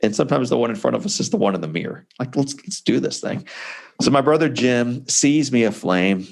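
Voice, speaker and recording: A man's voice: mid-range voice, expressive, fairly quick, creaky. A man in his forties, an author and speaker, telling his personal story in an interview with emphatic, conversational energy. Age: 40s.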